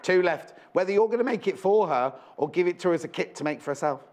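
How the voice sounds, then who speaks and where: A man's voice: sits high, lively intonation, fast talker, a little mellow. A man presenting on a live shopping channel, chatty and rambling, counting down stock and correcting himself as he goes. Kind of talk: live TV sales pitch. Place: TV studio.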